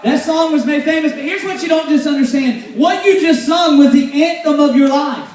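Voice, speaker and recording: A man's voice: very high voice, normal speed. A man preaching a casual, joking sermon to a youth group in a church hall. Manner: joking, loud and animated, teasing the sound crew. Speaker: youth pastor. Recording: echoey hall, voice far from the mic.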